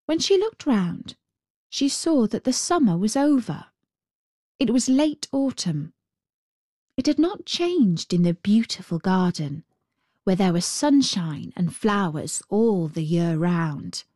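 A woman reading a fairy tale aloud in a gentle, unhurried and expressive way. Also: medium pitch, dry recording, clean studio sound. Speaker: storyteller.

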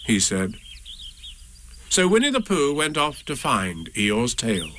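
A man reading a children's story aloud in a gentle, measured storytelling manner. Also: mid-range voice, slight background noise. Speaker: narrator.

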